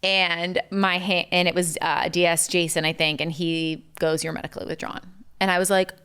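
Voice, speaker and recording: Young woman guest rambling through a story, lots of likes and ums, smooth lowish voice. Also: flat delivery, normal speed, a bit bright. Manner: chatty, lots of "like" and "um", acts out quotes. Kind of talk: casual storytelling interview.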